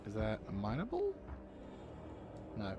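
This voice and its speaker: A man's voice: lowish voice, huge pitch swings, measured pace. A man streaming a space game, talking to himself as he plays, swearing often and flaring up now and then. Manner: mutters to himself while playing, swears, flares up. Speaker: gaming streamer. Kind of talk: live gameplay commentary. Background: game music.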